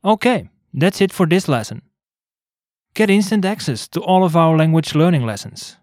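A man co-hosting a scripted language lesson, explaining clearly and spelling words out letter by letter. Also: a little high, very animated, normal speed, darkish tone, no room sound, studio quality.

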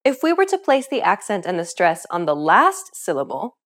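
A woman narrating a scripted language lesson, explaining clearly and upbeat, asking the learner questions. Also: on the low side, huge pitch swings, normal speed, fairly bright tone. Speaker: language teacher.

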